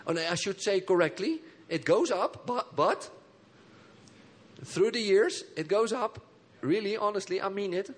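A pastor delivers an emphatic sermon in a notably high voice for a man. He keeps calling out to his congregation for answers and repetition. His phrases drop low and soft, then rise in sudden bursts. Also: animated, a little slow, long pauses. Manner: engages the congregation with call and response.

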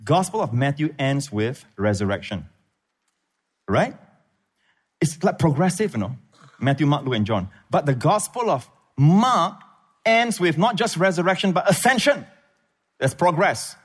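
A man's voice: big pitch swings, a little slow, pauses often, slightly rough. Emphatic male pastor preaching. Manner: emphatic, swings between loud peaks and low asides. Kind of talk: sermon. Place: church.

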